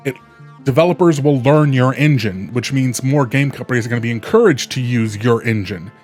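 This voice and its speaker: A man hosting a live game stream, chatting casually and rambling with many restarts. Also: medium pitch. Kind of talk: casual let's play commentary.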